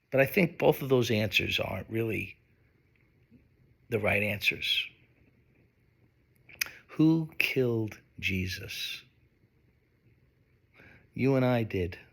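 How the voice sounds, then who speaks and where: Man, pastor, sermon, slow deliberate delivery, gravelly tone. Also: on the low side, animated, a bit bright. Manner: slow, emphatic preaching with dramatic pauses.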